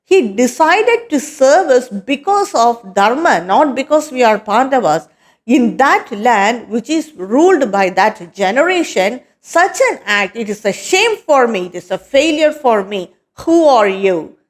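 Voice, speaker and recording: Indignant young king throwing accusing questions, slow and deliberate, woman doing the voice. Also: extremely high pitch, big pitch swings, pitched above the performer's own voice, exaggerated voice. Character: angry righteous young king demanding answers.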